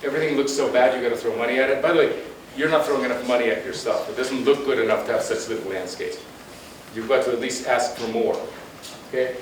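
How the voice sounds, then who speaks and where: A guest lecturer on urban planning presents slides about town planning, talking bluntly and conversationally, emphatic, with blunt asides and frequent restarts. His medium-pitched voice is fast, heard through a distant mic in a very echoey room with faint noise.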